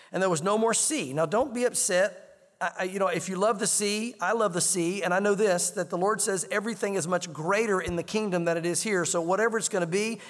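A man preaching with a high voice that rings out with a long hall reverb behind it. He talks earnestly and plainly, restarting phrases as he reads and explains scripture. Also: fairly bright tone. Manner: earnest, conversational preaching with repetitions. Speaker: pastor. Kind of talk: sermon.

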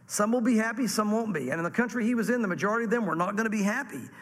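A man preaching a sermon to a congregation, animated and acting out the voices he quotes. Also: high-pitched, very fast, hardly any pauses, long reverb tail. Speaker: pastor.

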